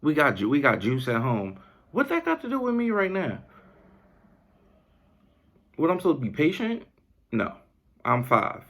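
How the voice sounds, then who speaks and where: A man's voice: a little high, huge pitch swings, normal speed, long pauses, a bit bright, pitched above the performer's own voice, heavily acted. A man voicing a whiny, indignant five-year-old boy who wants juice. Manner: whining, indignant.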